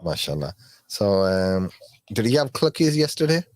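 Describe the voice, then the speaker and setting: A man hosting a live radio show in a studio, chatting casually and joking with callers, with lots of halting fillers. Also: lowish voice, sing-song, a little mellow, dry recording. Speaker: radio host.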